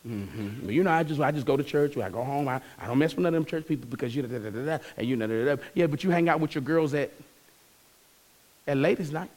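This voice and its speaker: High-voiced man preaching a lively sermon. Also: quick pace. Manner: preaching with dramatic quoted voices, playful asides. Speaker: pastor.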